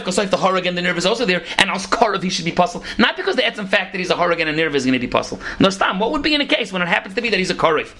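Fast-talking man teaching Talmud. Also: high-pitched. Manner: rapid, animated explaining with Hebrew and Yiddish terms mixed into English. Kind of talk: Talmud lecture.

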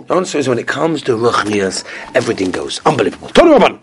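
A man giving a daily Talmud lesson, lecturing quickly and mixing Hebrew and Aramaic terms into his English. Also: mid-range voice, very animated, slightly rough. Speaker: Talmud teacher.

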